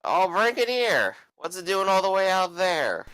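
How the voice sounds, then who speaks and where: A man's voice: sits high, big pitch swings, unhurried, pushed and bright, no room sound, pitched above the performer's own voice, exaggerated voice, rough recording. A man voicing a rowdy drunk man who slurs his words as he leans out a window. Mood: drunken. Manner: slurred, gruff, boozy.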